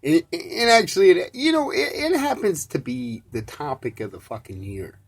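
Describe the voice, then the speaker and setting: Man, podcast host, husky voice, profane rambling rant, loud bursts then mumbling. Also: on the high side, sing-song, moderate pace. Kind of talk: solo live podcast rant.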